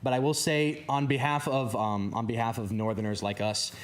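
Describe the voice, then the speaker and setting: Lively young man chatting in a studio. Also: medium pitch, normal speed, slight background noise. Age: young adult. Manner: lively, acts out little quoted voices. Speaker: musician guest. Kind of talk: casual studio interview chat.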